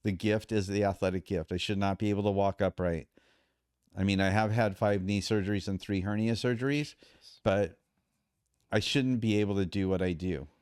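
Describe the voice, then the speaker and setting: A man, a podcast guest and endurance athlete, telling animated stories in casual talk with many restarts. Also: lowish voice, normal speed, clean tone, no room sound, studio quality. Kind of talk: casual storytelling.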